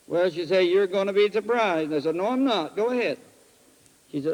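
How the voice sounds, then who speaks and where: A man preaching at a retreat, telling folksy stories with animated swings between loud exclamations and quiet asides. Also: high-pitched, brisk. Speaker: retreat speaker. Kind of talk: folksy sermon with storytelling. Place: retreat hall. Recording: archival 1968 recording in a hall with long reverb.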